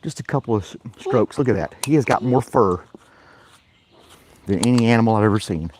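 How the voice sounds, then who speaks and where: Animated man coaxing his dog outdoors. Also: lowish voice, fairly quick, slight background noise. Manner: coaxing, playful commands to a dog, chuckling often. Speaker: vlogger and podcast host. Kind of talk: casual chat while playing with his dog. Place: backyard outdoors.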